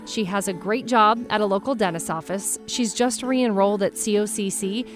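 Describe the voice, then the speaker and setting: A woman host giving measured, scripted true-crime narration. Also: mid-range voice. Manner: measured, storytelling delivery. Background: background music.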